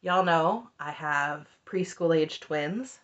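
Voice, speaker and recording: A woman's voice: deep voice, takes it slowly, a bit bright, muffled recording. A woman in her thirties giving a sarcastic, exasperated recap commentary that is often broken up by laughter. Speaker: reality TV recap YouTuber.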